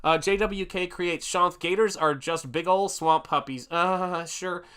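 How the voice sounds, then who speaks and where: A middle-aged American man hosts an art livestream, chatting casually while he paints and reading viewer comments aloud with plenty of exclamations. His voice sits high and sounds fairly bright and clean, delivered at a measured pace.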